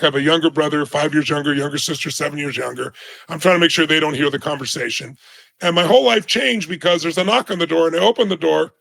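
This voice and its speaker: A man's voice: a little high, sharp tone. A middle-aged man, a guest in an interview, telling a personal story emphatically and acting out the people in it. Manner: emphatic, dramatic storytelling with voiced quotes.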